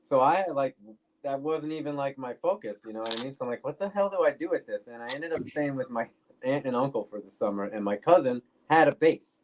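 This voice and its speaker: A man in his forties, a bass player guest on a podcast, telling laid-back stories full of swearing. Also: a little fast, slight background noise. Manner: laid-back, swears freely, animated anecdotes. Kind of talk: casual storytelling interview. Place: podcast studio.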